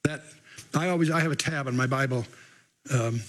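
An older man with a husky voice teaching a Bible lesson, reading scripture with emphasis and adding casual asides. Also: medium pitch, normal speed, low-quality recording. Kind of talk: sermon.

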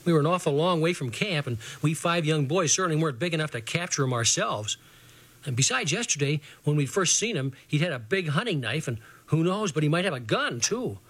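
Lively man reading a boys' adventure story. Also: fairly high pitch, husky, no echo. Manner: lively, animated boyish first-person narration. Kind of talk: children's radio story reading.

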